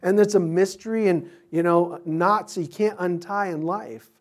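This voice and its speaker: A male pastor with a high voice preaches a little slowly and conversationally, weaving scripture together with funny everyday asides. Every so often his excitement spikes mid-thought.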